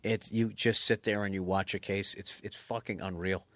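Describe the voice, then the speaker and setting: A man in casual podcast chat, telling a story with profanity and animated bursts that rise out of low mumbling. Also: normal speed, no room sound. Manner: animated, profane, jumps from mumbling to excited outbursts. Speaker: comedian guest.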